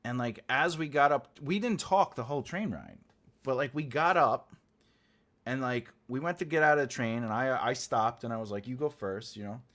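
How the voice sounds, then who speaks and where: A man with a mid-range, slightly bright voice hosts a writing livestream at normal speed. He chats casually and rambles while reading out and answering chat messages, laughing often.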